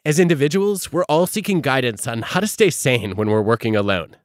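Man, podcast host, scripted narration, animated intonation, dry recording. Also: medium pitch, brisk, no echo.

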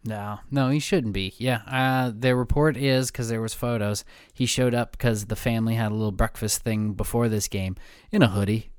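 A man's voice: on the low side, steady tone, moderate pace, clear, resonant tone, no room sound, studio quality. A man co-hosting a sports podcast in casual chat, easygoing and moving the talk from game to game. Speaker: podcast co-host.

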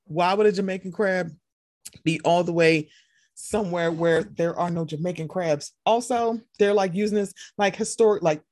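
A young woman co-hosting a podcast, chatting casually and animatedly, often jumping into excited quoted voices. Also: normal speed, no room sound, studio quality. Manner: animated, jumps into high excited voices when quoting. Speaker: podcast co-host. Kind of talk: casual chat.

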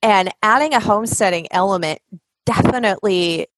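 A woman from Washington State hosts a podcast, talking in a casual, chatty and enthusiastic way. Her voice is medium-pitched at normal speed, with no echo.

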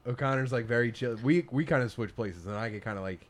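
A man co-hosting a casual comedic chat, excitable and rambling. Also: mid-range voice, fast.

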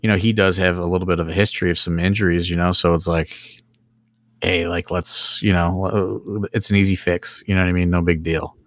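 A man's voice: low voice, level tone, fairly quick, a bit bright, no room sound, studio quality. A middle-aged man, a wrestling promoter, talking casually on a podcast, rambling with lots of fillers and swearing. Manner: rambling, heavy fillers and profanity.

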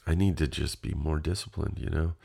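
A man's voice: very deep voice, a little fast, gravelly, mellow, slightly rough. A middle-aged man hosting his own podcast, talking candidly and self-deprecatingly with casual swearing, his voice a little stuffy and congested. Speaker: podcast host. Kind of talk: casual solo podcast talk.

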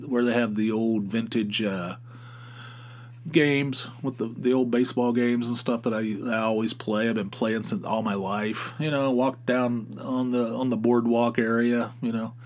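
A man from Pennsylvania hosting a podcast, telling a rambling, wry story with profane asides. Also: mid-range voice. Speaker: podcast host. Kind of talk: casual storytelling monologue.

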